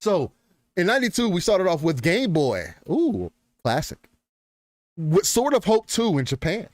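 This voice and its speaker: Animated young man co-hosting a gaming show. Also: high-pitched, measured pace, no room sound. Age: 20s. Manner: animated, joking, drifts into announcer voice. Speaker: podcast co-host. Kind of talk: casual gaming podcast chat.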